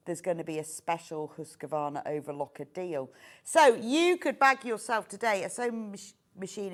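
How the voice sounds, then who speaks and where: Lively British woman selling on TV. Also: medium pitch. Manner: chatty, enthusiastic selling. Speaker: shopping channel presenter. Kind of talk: TV shopping presentation.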